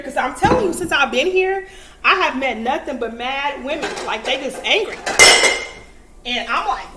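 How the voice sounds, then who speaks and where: Against a noisy background, a young adult woman with a high-pitched voice talks to camera in a vlog. Her advice is casual and emphatic, full of repetition and little remarks to herself.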